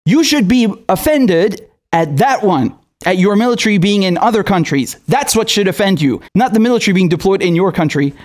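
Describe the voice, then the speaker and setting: High-voiced man ranting with exasperation. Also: lively intonation, fairly quick. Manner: profane, exasperated, sarcastic. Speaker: political commentator. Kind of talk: angry ranting commentary.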